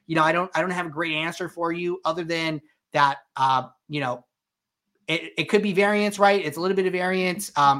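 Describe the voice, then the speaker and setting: A man hosting a live question-and-answer show, explaining software settings in a conversational way with frequent fillers. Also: fairly high pitch. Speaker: host answering viewer questions. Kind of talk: live Q&A tutorial, walking through software.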